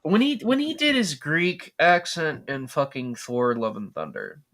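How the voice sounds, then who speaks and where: A man's voice: fairly high pitch, big pitch swings, unhurried, a bit bright. A man co-hosting a podcast in casual chat, opinionated and swearing freely. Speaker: podcast co-host.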